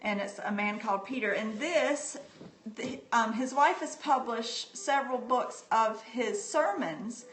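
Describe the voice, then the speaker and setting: A fairly high-voiced middle-aged woman talking about books on a casual phone live stream. She sounds chatty and heartfelt, with plenty of ums. The echoey room has a faint hum of noise behind her. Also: measured pace, fairly bright tone. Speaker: livestream host sharing books.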